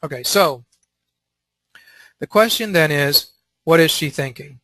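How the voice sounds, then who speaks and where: A man leads a Christian teaching session, animated and quick to act out what people might say. His voice is bright and a little high, and the sound is dry and close. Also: dry recording. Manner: animated, acts out quotes. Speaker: teacher leading a panel.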